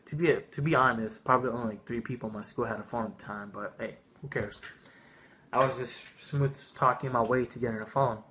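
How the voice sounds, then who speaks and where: A young man telling a funny childhood story in a casual vlog, animated and swearing freely. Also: medium pitch, brisk, slight background noise. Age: young adult. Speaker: vlogger.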